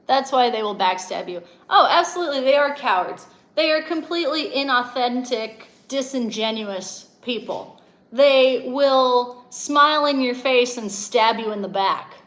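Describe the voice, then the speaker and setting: A woman's voice: fairly high pitch, expressive, unhurried, fairly bright tone. Emphatic woman on a livestream. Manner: emphatic, reads and answers viewer comments. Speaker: livestream host and coach. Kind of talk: casual livestream talk.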